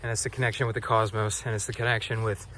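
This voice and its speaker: A man speaking slowly and softly in a reflective spiritual vlog, recorded outdoors. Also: fairly low pitch, little pitch movement, slight background noise. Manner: slow, soft, dreamy and reflective. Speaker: vlogger.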